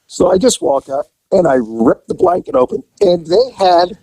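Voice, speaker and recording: A man, a former police officer, telling a profane anecdote in an animated, casual way. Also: high voice, moderate pace, gravelly, dry recording, poor audio. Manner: animated, profane, laughing at own story.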